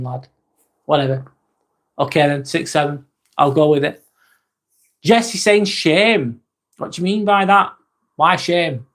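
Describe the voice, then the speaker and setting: A man in his forties chats loosely through a live stream, his voice sitting a touch high. He rambles from one viewer comment to the next, with plenty of fillers and the odd casual swear word. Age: 40s. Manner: rambling and chatty, with frequent fillers and mild swearing.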